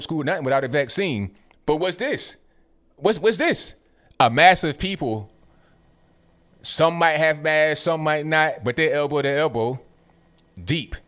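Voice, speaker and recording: A man's voice: on the high side, a bit bright. A man reacting to video clips in casual commentary, sarcastic and full of rhetorical questions.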